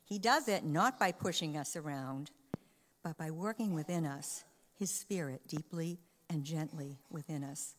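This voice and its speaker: A woman with a soft Boston accent reading scripture aloud in a sermon, with dramatic, varied emphasis. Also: low-pitched, unhurried, long reverb tail, a little hiss or hum. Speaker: scripture reader.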